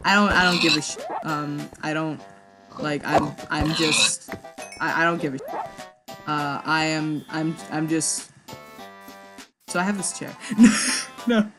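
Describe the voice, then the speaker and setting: A young woman with a slightly low voice tells a meandering story, tripping over repeated words and restarts. She swears casually and keeps circling back. Music plays clearly under her voice. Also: steady tone, slow pace, long pauses. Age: young adult. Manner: rambling, self-interrupting, stammers and swears. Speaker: gaming vlogger. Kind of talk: rambling let's-play storytelling.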